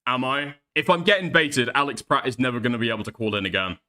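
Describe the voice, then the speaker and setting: A man's voice: medium pitch, animated, quick pace, sharp tone. A man hosting a livestream, arguing bluntly and profanely with a caller. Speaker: streamer host. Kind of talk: heated livestream commentary.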